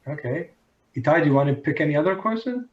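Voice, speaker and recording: A man moderating audience questions on a video call, brisk as he calls on people. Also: on the high side, animated. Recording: dull, roomy, distant video-call audio.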